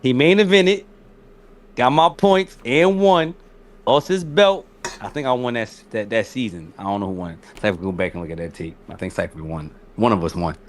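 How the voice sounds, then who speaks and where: A man's voice: medium pitch, lively intonation, moderate pace, slight background noise. A young man co-hosting a casual wrestling podcast, arguing his point and repeating himself. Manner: argumentative, repeats himself, trails off. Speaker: podcast co-host.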